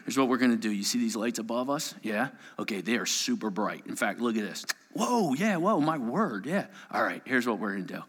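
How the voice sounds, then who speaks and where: A man preaching a sermon to a live church audience, telling a story in a playful, animated way and acting out voices and sound effects. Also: mid-range voice, a little fast, hardly any pauses, husky. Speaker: pastor. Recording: long reverb of a large hall.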